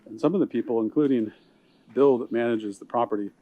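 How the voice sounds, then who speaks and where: The sound is phone-quality with no room sound: a man of medium pitch, a fast talker, leads a casual walking tour of a hunting camp outdoors, filmed on a handheld camera. Relaxed and chatty, he huffs a little in the heat and points things out as he walks.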